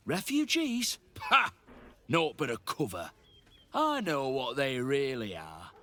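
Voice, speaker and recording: An actor playing a paranoid townsman in a fantasy video game, with a gruff, theatrical manner. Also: mid-range voice, huge pitch swings, takes it slowly, crowd noise. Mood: suspicious. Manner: gruff, theatrical regional lilt. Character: paranoid older male townsman, suspicious.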